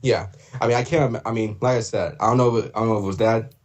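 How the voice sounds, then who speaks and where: A man chatting casually on a livestream about doing voice impressions, rambling with many fillers and throat clears. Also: fairly low pitch, fairly even intonation, rapid-fire, a little mellow. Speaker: streamer and voice impressionist.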